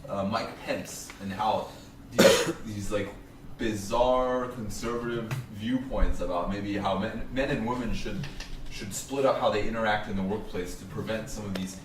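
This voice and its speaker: A man's voice: lowish voice, steady tone, normal speed. A man co-hosting a casual political podcast, thoughtfully raising questions and tangents. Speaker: podcast co-host. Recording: echoey, distant mic with clear background noise.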